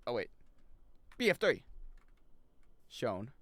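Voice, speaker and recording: A man's voice: mid-range voice, slow pace, no room sound. A man streaming a video game, chatting with viewers and joking as he plays. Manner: excitable, jokey, reacts loudly and reads chat aloud. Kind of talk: live gaming commentary.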